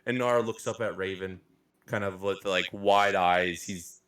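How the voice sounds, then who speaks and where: A man's voice: low-pitched, fairly even intonation, unhurried, fairly bright tone. A man narrating as game master in a casual, rambling way, swearing offhandedly. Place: live-streamed game session.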